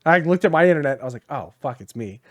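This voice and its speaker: Sleepy, animated man with a lively voice. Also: fairly high pitch, fast, no room sound, clean studio sound. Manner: sleepy, rambling, swears freely. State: tired. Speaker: podcast co-host. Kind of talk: casual chat.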